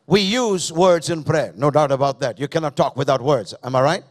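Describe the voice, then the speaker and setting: A man's voice: on the high side, brisk. A man preaching a sermon to his church, repeating key phrases and asking the congregation questions. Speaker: pastor. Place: church service.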